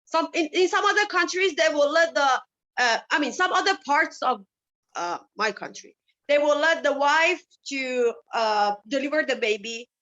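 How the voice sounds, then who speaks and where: A woman's high, sharp voice rises and falls with lively intonation at normal speed as she speaks at a summit. Impassioned, she tells personal stories and asks one rhetorical question after another, though the recording is dull and lo-fi.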